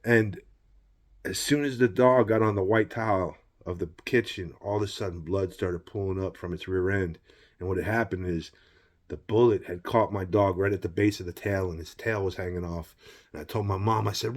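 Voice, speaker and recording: A man's voice: fairly low pitch, brisk. A middle-aged man telling a personal story in a vlog, rambling and heated, often asking "you know what I mean". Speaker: vlogger.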